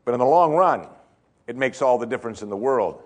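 Male pastor, sermon, dramatic delivery, hushed then loud, repeated phrases. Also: mid-range voice, expressive, fairly quick. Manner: dramatic, swings between loud emphasis and hushed tones.

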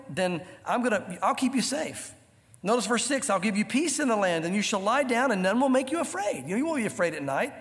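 A man preaching a sermon in a church hall, animated and joking in asides. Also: high-pitched. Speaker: pastor. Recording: long hall reverb.

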